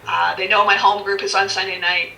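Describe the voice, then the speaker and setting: A woman's voice: mid-range voice, level tone, brisk, creaky, pushed and bright, slight background noise. A middle-aged woman telling her own story bluntly and with animation, swearing freely and laughing often. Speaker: podcast guest. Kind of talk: candid personal storytelling. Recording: echoey room, distant mic, faint music.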